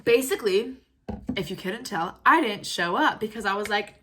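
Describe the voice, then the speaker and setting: Woman in her twenties, storytime rant, animated and heated, bright voice. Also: medium pitch, normal speed, breathy edge. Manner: animated, heated retelling with lots of "like" and quoted dialogue. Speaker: vlogger.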